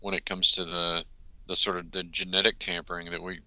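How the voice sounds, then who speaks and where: Casting: male researcher guest, very deep voice with a sharp edge, measured. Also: little pitch movement, dry recording, muffled recording. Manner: hesitant, many fillers, earnest and measured. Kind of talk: interview answers.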